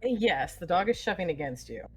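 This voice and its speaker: A woman narrating as game master, making quick rule calls over faint music. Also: on the low side, animated, breathy edge.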